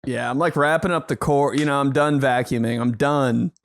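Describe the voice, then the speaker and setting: A young man co-hosting a casual comedic podcast, telling animated stories and acting out his dad in raised bursts. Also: medium pitch, normal speed, a little hiss or hum. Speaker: podcast co-host.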